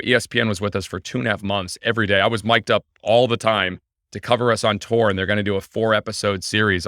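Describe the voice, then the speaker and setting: A man being interviewed on a podcast, telling his story in an eager, energetic way. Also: on the low side, clear, resonant tone, no room sound, studio quality. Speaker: podcast guest, baseball team owner. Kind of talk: casual interview chat.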